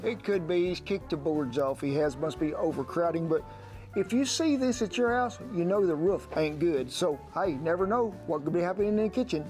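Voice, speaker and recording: A cooking show host with a drawl, folksy and easygoing, calling his guest sugar. His voice sits a little high for a man. Light music plays faintly behind him. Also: animated, fairly quick, a little mellow.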